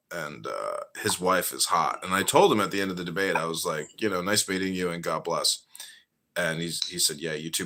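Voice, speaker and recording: A man hosting a podcast in casual chat, animated and mocking, often slipping into put-on voices. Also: low-pitched. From United States. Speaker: podcast host.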